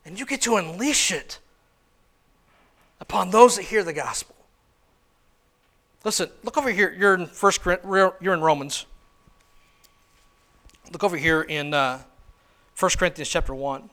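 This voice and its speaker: A pastor with a high voice preaches a sermon in church at normal speed, pausing often. He swings between hushed, quiet lines and loud shouts, posing many questions to the congregation.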